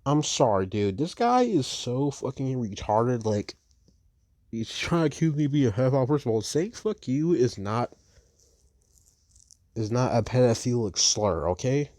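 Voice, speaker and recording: Ranting teenage guy, lively pitch. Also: moderate pace, dry recording, clean studio sound. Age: teens. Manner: heated, profane, repeats "bro" and "like". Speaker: vlogger. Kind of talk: ranting commentary.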